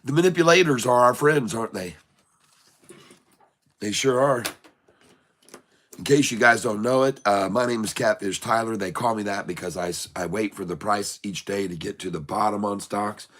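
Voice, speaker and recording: A man's voice: lowish voice, a bit bright. A man hosting a casual day-trading livestream from a home room, talking in a rambling, jokey way and sometimes muttering to himself while he works. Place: home room with shelves of keepsakes.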